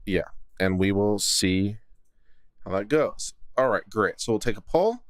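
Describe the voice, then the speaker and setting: A man's voice: lowish voice, animated, unhurried, no room sound. A man hosting a casual livestream, reading viewer comments aloud and answering with legal commentary. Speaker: host of a law commentary livestream. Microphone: studio condenser mic.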